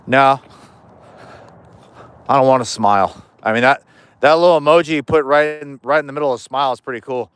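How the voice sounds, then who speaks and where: A man's voice: medium pitch, brisk, pauses often, fairly bright tone, clear, resonant tone, no room sound. A man chatting casually on a livestream as he walks home outdoors, rambling, cracking jokes and swearing freely, recorded on a chest-mounted camera. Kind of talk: casual live chat. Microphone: chest-mounted POV camera.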